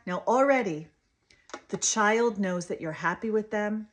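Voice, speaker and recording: Therapist, woman, 30s; explains plainly, switches to animated sing-song for toddlers. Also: mid-range voice, moderate pace, background noise. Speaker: speech-language pathologist. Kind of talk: parent coaching lesson with toy demo.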